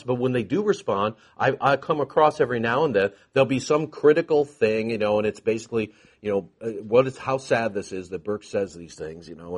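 A man's voice: mid-range voice, breathy edge. A man teaching the Bible to a live group in a conversational, sarcastic way, with mocking asides.

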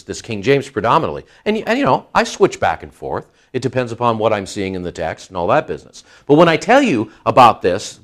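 Animated man preaching a verse-by-verse sermon. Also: medium pitch. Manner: emphatic, animated Bible teaching with Greek terms. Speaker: pastor.

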